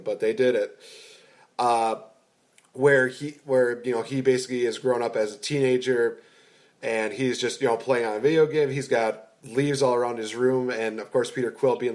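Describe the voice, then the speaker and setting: An excitable man talks through a film in a casual podcast chat. His voice sits at an ordinary middle pitch, and he rambles, restarting sentences as he gushes. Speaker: podcast co-host. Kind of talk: casual movie review chat.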